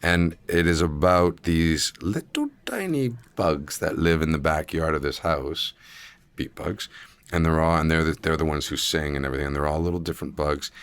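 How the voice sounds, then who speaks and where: A man's voice: very deep voice, no echo. A man, a guest actor, chatting casually on a podcast and telling stories with lots of laughter. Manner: animated storyteller, laughs often.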